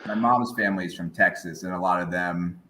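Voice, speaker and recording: A man from New England chatting casually on a podcast in a relaxed way. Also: deep voice, a little fast. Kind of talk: casual chat. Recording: roomy with faint noise.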